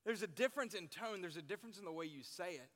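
A young man serving as youth pastor delivers an earnest sermon to a youth group, repeating key phrases for emphasis. His voice is high-pitched and a bit bright, with lively intonation and a quick pace, set in a hall with long reverb.

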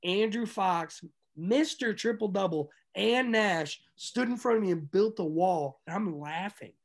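Young male guest, lively raconteur, gets loud fast then drops low, laughs mid-story. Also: vocal fry. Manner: animated, swings from loud excitement to low asides; laughs through stories. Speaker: podcast guest. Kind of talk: casual storytelling chat.

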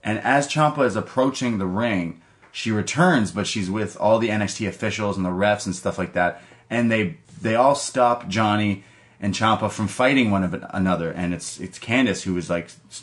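Rambling low-voiced man recapping wrestling. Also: moderate pace. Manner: loose, rambling recap full of "like" and restarts. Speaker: podcast co-host. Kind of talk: casual wrestling recap chat.

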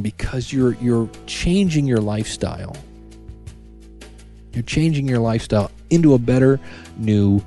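Mellow-voiced man chatting on a podcast. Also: medium pitch. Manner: chatty, self-talk asides, frequent restarts. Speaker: podcast host. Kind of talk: casual solo podcast monologue. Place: home basement. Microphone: studio microphone.

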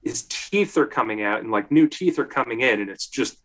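A man's voice: medium pitch, expressive, a little fast, a bit bright. Chatty man telling a film story. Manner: chatty storyteller, leans on "like", acts out quotes. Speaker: podcast co-host. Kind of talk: casual film discussion.

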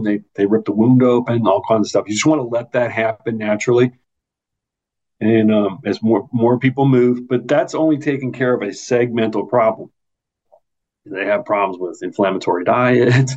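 An American man with a low voice speaks as a neurosurgeon guest in an interview. He talks earnestly, with frequent restarts, and explains things step by step. The audio is muffled and lo-fi. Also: darkish tone. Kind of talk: conversational interview.

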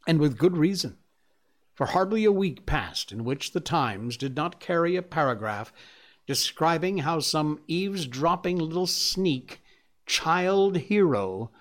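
A man hosting his own show, his voice rising and falling in a lively way with chuckling asides. He also reads a novel aloud in a quiet, measured tone. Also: on the high side. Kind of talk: casual chat, then book reading.

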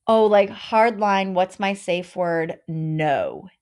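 Chatty woman telling a lively story. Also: mid-range voice, takes it slowly. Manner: energetic, storytelling, many "like"s. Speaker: podcast co-host. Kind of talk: casual podcast chat.

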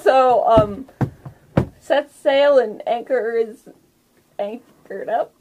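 A woman's voice: on the high side, extremely slow, background noise. A young woman running a tabletop role-play game as game master, easygoing and giggly.

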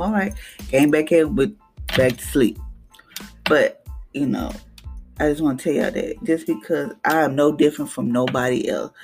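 A woman's voice: low voice, vocal fry, a little mellow. A woman hosting a devotional podcast, speaking in a casual, emphatic way and acting out what she said to others.

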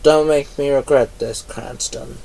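A man's voice: medium pitch, expressive, a little fast, mellow, lightly acted. A man voicing a grumpy, reluctant male mentor who mutters curtly, a little off mic. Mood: grumbling. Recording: voice a bit far from mic.

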